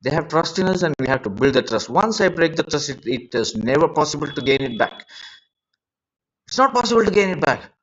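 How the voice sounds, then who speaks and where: A man's voice: fairly high pitch, big pitch swings, brisk, fairly bright tone, muffled recording. A man rambling in an unscripted live-stream monologue, agitated and emotional, repeating himself as he talks into a phone.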